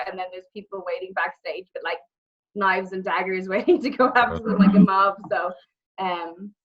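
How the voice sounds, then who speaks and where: Irish woman from dublin chatting, mid pitch, animated, bit muffled audio. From Ireland. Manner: animated storytelling, repeats words, acts out quotes. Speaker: interview guest, former wrestler and actress. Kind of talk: casual interview chat.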